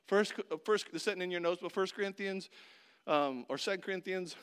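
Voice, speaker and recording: High, bright-voiced animated male preacher. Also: fairly quick, clean tone. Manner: animated storyteller, acts out voices and shouts; addresses the audience directly. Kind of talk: sermon with storytelling.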